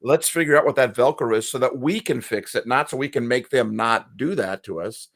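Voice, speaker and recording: Male co-host and school speaker with a mid-pitched voice, motivational storyteller. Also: fairly quick, a bit bright. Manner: motivational storytelling, acts out quoted people. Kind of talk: casual chat.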